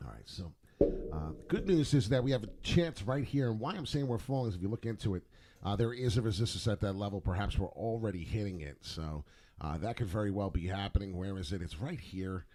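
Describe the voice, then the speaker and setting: A man's voice: on the low side, a little fast, warm tone. A man giving casual, rambling commentary on crypto price charts, full of fillers and words repeated for emphasis. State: hiccuping.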